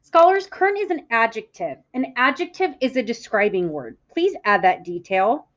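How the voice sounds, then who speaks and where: A woman teacher giving a classroom vocabulary lesson, speaking clearly and deliberately, stressing words for the class to echo. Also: fairly high pitch, sing-song, a bit bright. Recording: muffled lo-fi audio.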